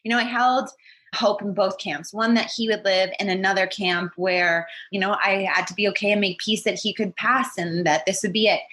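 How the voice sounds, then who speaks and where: A woman's voice: medium pitch, fairly even intonation, moderate pace, a bit bright. A woman in her thirties, a podcast guest telling a personal story in a candid, earnest way. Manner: earnest and candid, acts out what people said.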